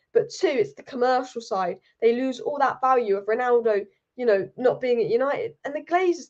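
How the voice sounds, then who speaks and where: High-voiced woman ranting about football. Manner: heated, ranting, reads out viewer comments. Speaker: football channel host. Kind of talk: live-stream fan commentary. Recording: dull lo-fi stream audio.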